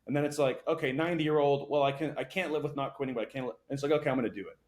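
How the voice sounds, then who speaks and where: In a relaxed podcast conversation, a young male guest with a somewhat high voice spills out energetic, swear-filled stories at high speed.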